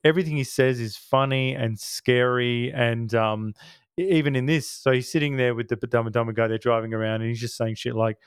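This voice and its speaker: A man's voice: medium pitch, steady tone, fairly quick, clear, resonant tone, no room sound, clean studio sound. A man hosting a podcast, chatting casually about a film in a rambling, enthusiastic way with many restarts. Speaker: podcast host. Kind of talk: casual film review chat.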